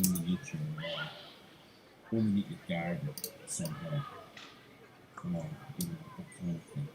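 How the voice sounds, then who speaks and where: A man's voice: deep voice, background noise. A man hosting a live stream, chatting in a rambling way, swearing and acting out quoted people. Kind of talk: rambling casual chat.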